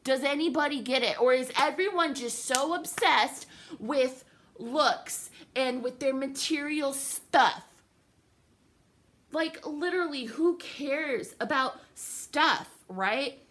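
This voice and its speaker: A woman's voice: sits high, takes it slowly, fairly bright tone. A young woman venting in an angry, profane, sarcastic rant to the camera, upset and livid. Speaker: vlogger.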